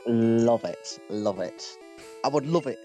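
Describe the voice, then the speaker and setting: A man giving excitable football-style play-by-play commentary on a video game as a guest. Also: medium pitch, slow, faint music behind. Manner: excitable, rising to shouts at big moments.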